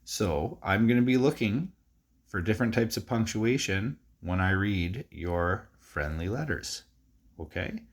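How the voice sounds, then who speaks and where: A male teacher giving a recorded lesson to young students. He talks in a relaxed, chatty way with many fillers and reads a sample aloud with exaggerated expression. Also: fairly low pitch, measured pace.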